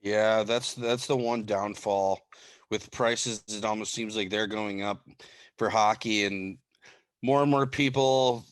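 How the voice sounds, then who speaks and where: A young man with a Wisconsin accent and a low voice hosts a casual podcast. His sentences run loose and easygoing. The sound is dry and close. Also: fairly even intonation, slow pace, dry recording. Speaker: podcast co-host. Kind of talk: casual interview chat.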